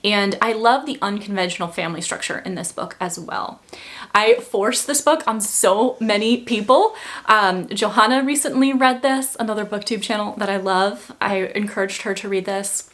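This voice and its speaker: A young woman who reviews books chats casually about her favorites in a medium-pitched, fairly bright voice at a moderate pace. She's full of fillers like "like" and turns heated and emphatic when she feels strongly.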